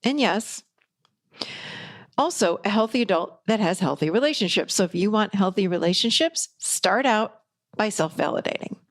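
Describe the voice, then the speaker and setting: A middle-aged woman talks straight to her listeners as a life coach, encouraging and upbeat. She leans on key words with emphatic energy. Her voice sits at an ordinary middle pitch for a woman. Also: animated, normal speed. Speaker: podcast host and life coach. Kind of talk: motivational solo talk.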